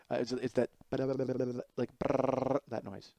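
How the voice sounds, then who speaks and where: A forty-something comedian hosting his podcast rambles through a funny, profane, self-deprecating story. His mid-pitched voice is gravelly, flat, and slow, and the dry, close headset recording has no room echo and cut-off highs.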